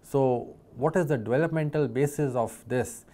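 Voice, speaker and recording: A man's voice: mid-range voice, moderate pace, dark tone. A man with an Indian English accent giving a recorded anatomy lecture, patiently explaining and repeating key terms.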